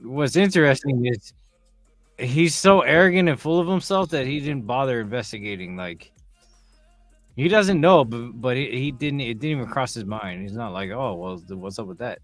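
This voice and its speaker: A man co-hosting a casual show chat, musing about characters with quiet trailing asides. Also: medium pitch, expressive, moderate pace, no room sound, soft background music. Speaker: podcast co-host.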